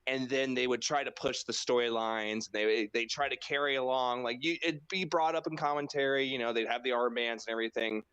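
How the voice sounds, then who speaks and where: A man chatting casually on a wrestling podcast, loose and profane, often jumping into high mock voices to act out what others said. His mid-pitched voice is recorded close and dry, with no room sound. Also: fairly even intonation, fairly quick, few pauses, fairly bright tone, clean tone, no room sound, lo-fi sound. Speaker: podcast co-host.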